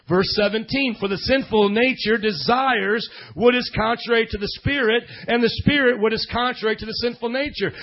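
High-voiced preaching man, lo-fi. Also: moderate pace, few pauses. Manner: animated preaching with acted-out voices and shouted emphasis. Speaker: pastor. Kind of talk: sermon.

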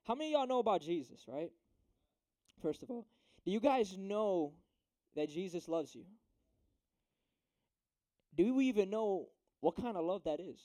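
A young man preaches to a room of teens in an easy, slangy way, keeping up a steady stream of "right?" and "dude." His voice sits high but sounds mellow and warm. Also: moderate pace, long pauses. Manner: slangy, chatty, asks "right?" often. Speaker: youth preacher. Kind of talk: casual youth sermon.

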